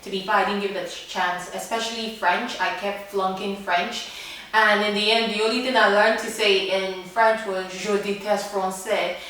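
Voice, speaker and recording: A woman's voice: medium pitch, steady tone, normal speed, slight background noise. Young woman from Nigeria, casual vlogger, chatty and giggly, roomy distant sound. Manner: chatty, laughs easily, trails off softly. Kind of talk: casual chat to camera. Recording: echoey room, far from mic.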